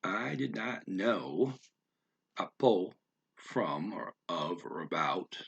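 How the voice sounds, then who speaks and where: A man explaining words of a story in an unscripted lesson, thinking aloud with many fillers and repeating words slowly to practice how they sound. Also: sits low, expressive, vocal fry, a bit bright, breathy edge, dull audio. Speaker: language learner explaining vocabulary.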